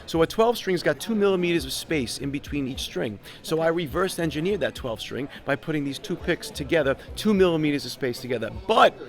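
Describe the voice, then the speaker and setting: A man's voice: a little high, animated, fairly quick, few pauses. Upbeat salesy man demoing a guitar. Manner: upbeat, salesy, coaching step by step. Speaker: inventor demonstrating a guitar product. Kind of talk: product demo with live guitar playing. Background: guitar playing.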